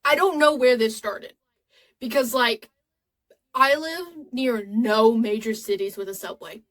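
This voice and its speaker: A woman's voice: fairly high pitch, a little slow, fairly bright tone. A woman in her twenties talking casually to camera in a rambling, chatty, earnest way. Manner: earnest and openly emotional. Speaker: vlogger.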